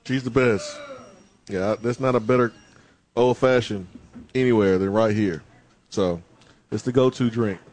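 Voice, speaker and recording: A man's voice: fairly low pitch, measured pace, pauses often, darkish tone. A man, a sports radio co-host bantering and teasing on a live broadcast from a bar. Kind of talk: casual sports talk banter.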